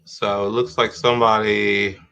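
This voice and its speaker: A man's voice: on the low side, little pitch movement, measured pace, bright, forceful tone. A middle-aged man hosting a live-streamed talk show in casual chat, rambling and restarting his sentences as he thinks aloud.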